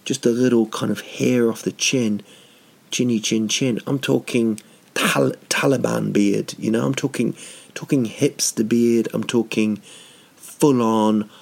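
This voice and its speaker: Gravelly man rambling through comic stories. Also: medium pitch, fairly even intonation, unhurried, a little mellow. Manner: meandering, self-mocking, with asides and restarts. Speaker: stand-up comedian.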